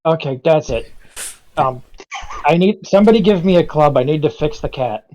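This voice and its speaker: A woman's voice: low-pitched, animated, moderate pace, warm tone, highs cut off, a little hiss or hum. A playful woman chatting and joking with friends during a game. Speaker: player. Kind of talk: casual group chat while playing a game.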